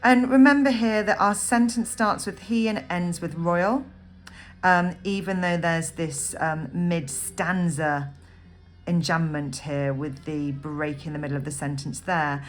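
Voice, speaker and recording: A woman with a fairly low voice talks through a poem like a teacher in a recorded lesson. She fills pauses with ums and pauses to jot notes as she explains. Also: faint music behind. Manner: thinks aloud, frequent ums, annotates while talking. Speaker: literature teacher. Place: at a desk writing notes.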